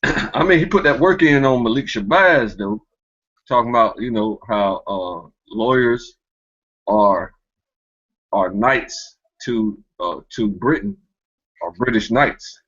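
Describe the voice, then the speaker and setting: A man's voice: mid-range voice, takes it slowly, a bit bright, breathy edge, lo-fi sound. A man hosting a casual commentary chat, mocking and laughing often, speaking in loose street slang. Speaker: commentary show host.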